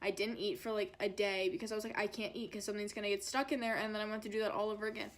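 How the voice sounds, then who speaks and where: A woman's voice: mid-range voice, steady tone, racing. A young adult woman telling a storytime vlog in a chatty, dramatic way, full of "like" and fillers. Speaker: vlogger.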